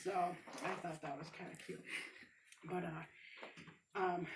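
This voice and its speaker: A woman's voice: on the low side, fairly even intonation, slow pace, pauses often, far from the mic, slight background noise, poor audio. A woman in her forties doing stand-up comedy, telling rambling, self-deprecating stories about her family with many fillers. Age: 40s. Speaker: amateur stand-up comic.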